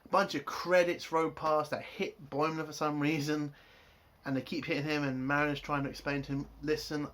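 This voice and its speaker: A man's voice: a little high, flat delivery, brisk, fairly bright tone. A man giving a casual spoken review of a TV episode. He rants in an exasperated way and swears a lot.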